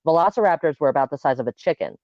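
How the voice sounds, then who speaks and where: A woman's voice: sits low, lively intonation, very fast, dry recording, highs cut off. A woman guest talking casually and bluntly, with crude humor and frequent laughs, over a remote call. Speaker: guest, piercer. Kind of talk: casual podcast chat.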